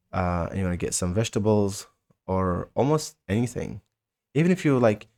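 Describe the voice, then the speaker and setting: A man with a Mauritanian accent giving a casual spoken language lesson, often halting and repeating words and phrases slowly for learners. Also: low-pitched, vocal fry, mellow. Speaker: language teacher.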